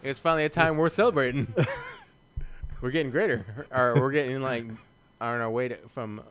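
A man's voice: mid-range voice, normal speed, fairly bright tone. A man co-hosting a podcast, rambling casually with lots of swearing and laughter. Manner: rambling, profane, laughs often. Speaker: podcast co-host. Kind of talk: casual banter.

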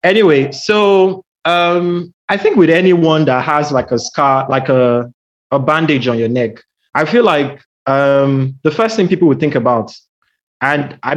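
A man in his thirties with a Nigerian accent, chatting casually and telling a story with quick asides and restarts. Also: on the high side. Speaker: podcast co-host. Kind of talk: casual chat. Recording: dull lo-fi audio.

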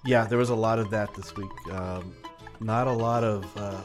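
A man's voice: on the low side, fairly even intonation, moderate pace, over music. A man on a podcast panel, telling a long rambling story and acting out the quotes. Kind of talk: casual chat.

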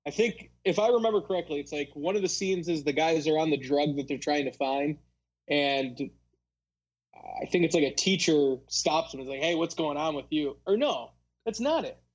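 A young man co-hosting a podcast, telling animated stories in casual chat and fumbling for details. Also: fairly high pitch, moderate pace, dull audio. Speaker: podcast co-host.

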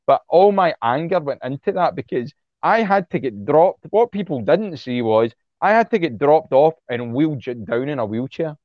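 Heated man, higher voice. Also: lively intonation, normal speed, hardly any pauses, no echo, muffled recording. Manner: blunt, heated, swears freely, repeats words when worked up. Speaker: interview guest. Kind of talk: impassioned casual interview talk.

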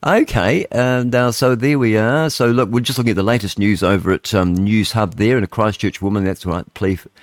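Older Kiwi man hosting talk radio, fairly low voice, dry studio sound, rambles and thinks aloud. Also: brisk, few pauses, no room sound. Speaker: radio host. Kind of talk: casual radio chat, reading headlines aloud.

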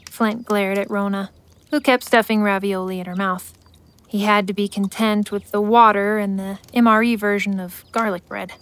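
A woman giving scripted story narration in a steady, measured way. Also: medium pitch, no room sound.

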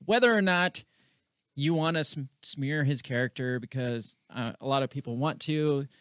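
A man co-hosting a podcast, talking politics in a casual, animated way. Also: mid-range voice, normal speed, clean tone, dry recording, clean studio sound. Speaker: podcast co-host.

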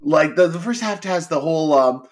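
A man in casual chat, animated, often quoting lines in put-on voices. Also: fairly high pitch, moderate pace. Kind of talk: casual chat about TV shows.

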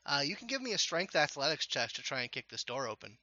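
A man narrating a tabletop game as game master, rambling and halting with many fillers. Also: fairly high pitch, big pitch swings, bright, forceful tone, dry recording, muffled recording.

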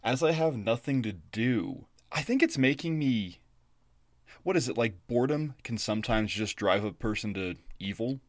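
A man's voice: mid-range voice, lively intonation, normal speed, no room sound, studio quality. A young adult man co-hosting a podcast, telling a story in a rambling, casual way full of fillers. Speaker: podcast co-host.

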